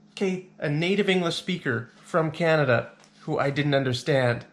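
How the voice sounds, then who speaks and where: A man's voice: on the high side, moderate pace. A man vlogging to camera indoors in a rented apartment. He talks in a rambling, chatty way with frequent restarts. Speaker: travel vlogger. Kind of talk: casual chat to camera.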